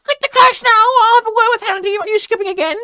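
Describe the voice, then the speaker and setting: A man voicing a stern female school janitor in a shrill, scolding falsetto. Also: fast, pushed and bright, dry recording, clean studio sound, full character voice.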